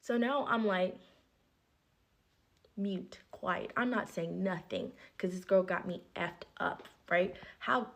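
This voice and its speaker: A woman's voice: mid-range voice, slow pace, vocal fry. A young woman telling a heated storytime rant, acting out what each person said. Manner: animated, acts out each person's lines.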